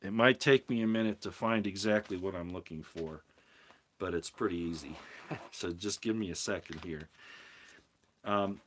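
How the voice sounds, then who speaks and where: Rambling low-voiced man on a stream. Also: normal speed, long pauses, a bit bright. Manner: rambling, repeats words and restarts, stresses points with rising emphasis. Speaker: host of a live commentary stream. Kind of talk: casual monologue, reading viewer comments.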